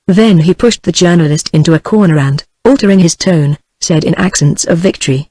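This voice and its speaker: A text-to-speech woman's voice with a British accent, reading a classic novel in an even, measured way. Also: on the low side, dry recording. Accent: British English. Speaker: audiobook narrator. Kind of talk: synthetic audiobook narration.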